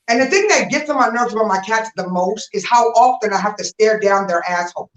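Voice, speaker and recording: A woman comedian doing a loud, profane stand-up set, telling stories. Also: on the high side, animated, fairly quick, reverberant, poor audio.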